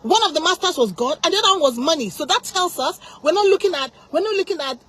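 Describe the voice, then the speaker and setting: A woman with a high voice speaks straight to her viewers about faith. She is fired up and emphatic, preaching hard and often restarting her sentences. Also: animated, quick pace, fairly bright tone, rough recording. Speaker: Christian channel host. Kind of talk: passionate faith talk to camera.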